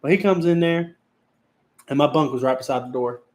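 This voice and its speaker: A man's voice: on the high side, brisk, a little mellow. A man co-hosting a podcast, joking casually and acting out voices in his anecdotes. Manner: joking, acts out quoted voices in his stories. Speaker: podcast co-host. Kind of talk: casual storytelling chat.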